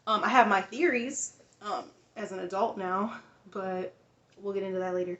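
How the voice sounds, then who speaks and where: A woman's voice: medium pitch, steady tone, normal speed, a bit bright, roomy sound, muffled recording. A woman vlogger telling a personal story in a casual, rambling way, full of fillers, restarts and frequent laughs.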